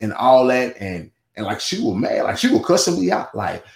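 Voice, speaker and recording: A man's voice: mid-range voice, big pitch swings, normal speed, vocal fry. A man talking in a casual podcast conversation, rambling with many restarts and asides. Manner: rambling, with many restarts and "you know what I'm saying". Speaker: guest. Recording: roomy echo.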